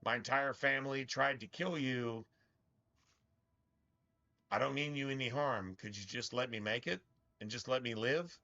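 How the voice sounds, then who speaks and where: A man's voice: medium pitch, moderate pace, long pauses, pushed and bright, muffled recording. A man voicing a small, resigned male sewer rat who pleads in slangy, exasperated bursts.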